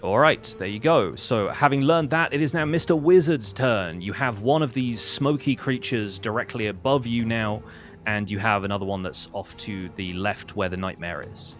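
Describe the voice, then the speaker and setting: A man's voice: on the low side, moderate pace, faint music behind. A man guides players through a tabletop game as its game master. He explains rules patiently and describes the action, with frequent ums and uhs along the way. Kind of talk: narrating a tabletop game on a stream.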